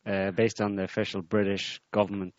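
A man with a lowish voice talks in a sardonic, rambling way, often restarting his sentences. The sound is dull and dry, like a lo-fi recording with no room echo. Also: flat delivery, brisk. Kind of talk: casual political chat.

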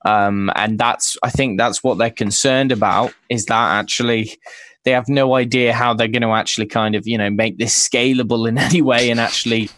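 A man's voice: mid-range voice, steady tone, fairly bright tone. Amused male co-host, faint hiss behind. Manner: amused, laughs while explaining, halting restarts. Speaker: show co-host. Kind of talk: casual news chat.

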